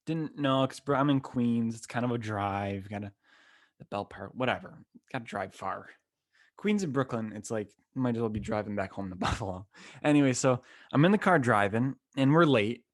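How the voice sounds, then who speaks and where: Speaking at a moderate pace in a mid-range voice, a Western New York man in his 20s tells a long, rambling story on his solo podcast, loose, slangy and increasingly worked up. He's in a temporary room, not his normal setup.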